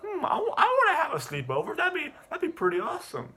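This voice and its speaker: Guy doing a high whiny little kid voice, begging and stammering. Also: huge pitch swings, fast talker, sharp tone, slight background noise, heavily acted. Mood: whiny pleading. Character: childish whiny boy with big wants.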